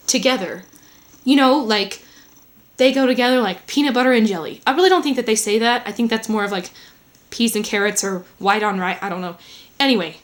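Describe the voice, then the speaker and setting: A woman's voice: fairly high pitch, a bit bright. Rambling, chatty woman vlogging at home. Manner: chatty, rambling, full of fillers. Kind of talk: casual rambling vlog.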